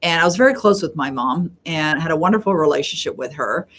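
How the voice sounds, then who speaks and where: A middle-aged woman from Canada hosting a live Q&A, telling stories in a chatty way and slowing down to stress her advice. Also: low-pitched, animated, fairly bright tone, husky. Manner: chatty storyteller, acts out quoted voices; slows and stresses key points. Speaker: host answering viewer questions. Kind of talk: live Q&A coaching talk.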